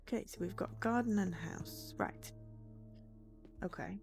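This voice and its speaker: A woman's voice: medium pitch, a little slow, vocal fry, long pauses, a little mellow, faint music behind. A woman streaming a point-and-click game, chatting casually and reading the game text aloud with joking asides. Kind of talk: casual let's-play commentary.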